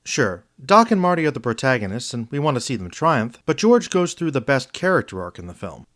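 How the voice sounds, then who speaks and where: A man narrates a scripted film review in an earnest, reflective tone. His pitch moves a lot as he stresses his points. The voice sounds dry and close, with no room echo. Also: big pitch swings, brisk, a bit bright. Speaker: video essayist.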